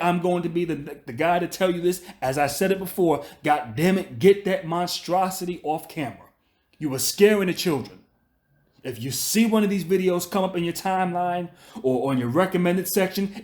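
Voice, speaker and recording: A man with a high-pitched, darkish voice hosts a commentary channel, speaking at normal speed. His ranting monologue is profane and scolding, circling back on itself to repeat his points.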